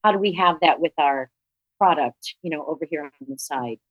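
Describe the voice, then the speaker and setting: A middle-aged woman guest on a podcast, talking in a chatty way and quick to joke. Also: low-pitched, dry recording, rough recording. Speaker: guest, show creator. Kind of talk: casual podcast interview.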